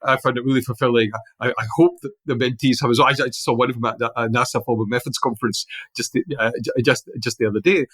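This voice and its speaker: A middle-aged man with a Glaswegian accent, a podcast guest telling animated anecdotes in casual conversation with many restarts. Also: mid-range voice, fast, few pauses, no room sound. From Scotland.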